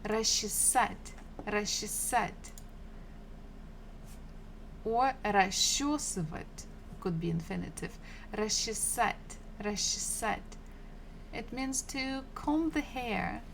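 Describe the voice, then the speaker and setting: Slow, patient woman teaching Russian. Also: on the high side, lively intonation, gravelly, background noise. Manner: slow, patient, repeats words several times, chats with viewers. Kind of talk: live-streamed language lesson. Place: home.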